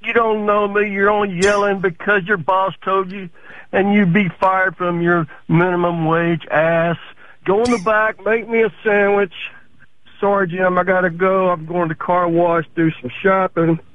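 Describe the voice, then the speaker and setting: A man with a fairly high voice calls into a radio show, his complaint blunt and irritated. The sound is thin and tinny, as if coming down a phone line. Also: little pitch movement, unhurried, a little hiss or hum. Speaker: caller.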